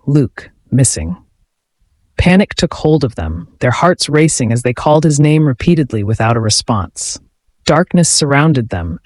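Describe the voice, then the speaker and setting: A man reading a scripted horror story as narrator, steady and measured. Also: mid-range voice, no room sound.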